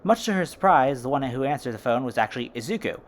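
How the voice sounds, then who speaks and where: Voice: mid-range voice, expressive, fast. A fan storyteller narrating casually, with informal chatty asides to listeners.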